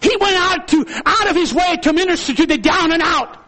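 A man preaching a sermon to a congregation, calling for amens, swinging between loud high exhortation and low hushed storytelling. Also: brisk. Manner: calls for amens, reads aloud to the congregation.

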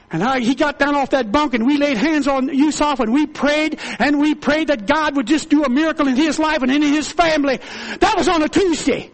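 A man's voice: extremely high pitch, fairly quick. A middle-aged man, a prison minister, telling a testimony sermon with fervent, emotional storytelling and repeated phrases.

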